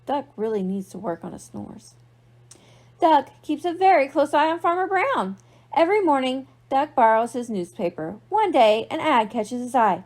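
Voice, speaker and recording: A woman's voice: high voice, very animated, normal speed, darkish tone. A young woman librarian reading a picture book aloud to children, playful and asking them questions. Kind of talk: storytime read-aloud for kids.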